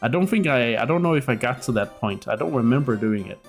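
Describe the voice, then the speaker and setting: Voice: mid-range voice, lively intonation, fast, soft background music. A streamer chatting casually while playing a game, laid-back and giggly, rambling through thoughts. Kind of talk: casual let's-play commentary.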